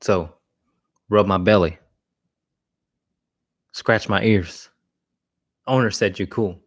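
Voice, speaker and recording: A man voicing a protective male German Shepherd dog that is relaxed toward a guest its owner has accepted, talking in a casual, laid-back way in a low voice. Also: slow.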